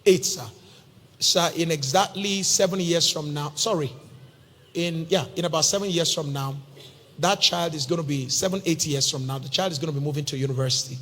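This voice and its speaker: A man's voice: a little high, fairly quick, a bit bright. A Nigerian man preaching a sermon as a pastor, telling a story with humor and calling his listeners sir. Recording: long hall reverb.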